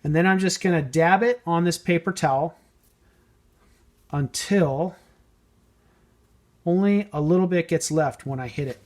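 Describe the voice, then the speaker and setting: A man casually explaining a painting technique as he works, thinking aloud and sometimes trailing off softly. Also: on the high side, measured pace, pauses often. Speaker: model painting tutor. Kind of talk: casual hands-on painting tutorial.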